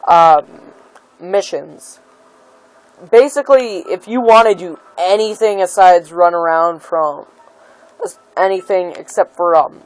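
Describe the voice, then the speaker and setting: A woman's voice: lowish voice, a little mellow, low-quality recording. A woman giving a heated opinion rant about a video game, full of exasperation and many "like" and "um" fillers. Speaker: gaming video maker.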